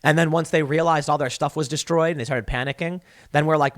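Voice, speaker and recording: Male podcast host, slightly high-pitched, emphatic solo commentary full of analogies. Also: fairly even intonation, fast talker, a bit bright, no echo, clean studio sound. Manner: emphatic, argumentative, builds extended analogies.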